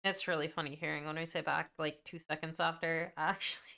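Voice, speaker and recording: A young woman on a game stream with a smooth, resonant voice. She chats casually and keeps checking how her audio sounds. Her voice sits a little low for a woman. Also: level tone, fairly quick, sharp tone. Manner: chatty, fussing over her audio settings. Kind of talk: casual stream chat during a mic check.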